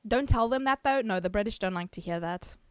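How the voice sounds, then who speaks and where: A woman's voice: medium pitch, fairly quick, smooth, no echo. A South African woman streamer chatting casually with her viewers, giggly and self-teasing. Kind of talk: casual chat reading viewer messages.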